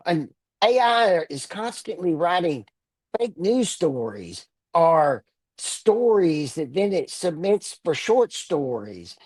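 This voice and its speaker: A man's voice: fairly high pitch, very animated, takes it slowly, darkish tone, no echo. Older Texan man, dry close sound. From Texas Panhandle. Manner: plainspoken, blunt, with dry humor. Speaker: guest author. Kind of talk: casual interview talk.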